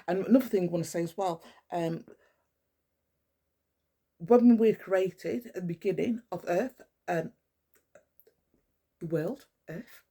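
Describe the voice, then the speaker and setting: A woman's voice: on the low side, unhurried, long pauses, warm tone. A woman, talking to the camera in a blunt, rambling monologue full of swearing. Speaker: vlogger. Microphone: camera mic.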